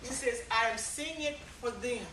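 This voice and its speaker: A woman gives a seminar talk in an animated style, telling anecdotes and acting out the voices in them. Her voice is a little high and her pace moderate, and the recording carries a slight hiss or hum, with the mic far off in an echoey hall.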